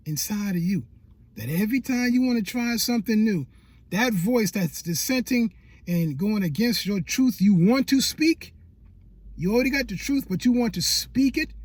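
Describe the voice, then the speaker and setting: Guy coaching youtubers, faith-based pep talk, high voice, keeps repeating himself for emphasis. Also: darkish tone, no room sound. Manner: emphatic, repetitive, preacher-like. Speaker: motivational speaker and YouTube coach.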